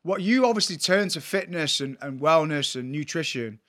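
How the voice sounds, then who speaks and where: Podcast host guy, upbeat and encouraging, slangy, kinda higher voice for a man. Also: animated, normal speed, fairly bright tone. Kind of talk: casual podcast interviewing.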